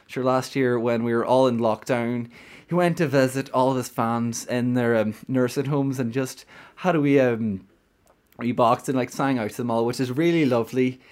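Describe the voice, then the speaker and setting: A man hosting a casual chat, upbeat and quizzing his guest. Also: medium pitch. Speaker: podcast host.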